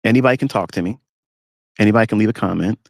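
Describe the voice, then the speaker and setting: Man, low voice, blunt, ranting, mocking, dry close sound, live audio talk. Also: rapid-fire, creaky, dry recording. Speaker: trading mentor. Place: inside a parked pickup truck.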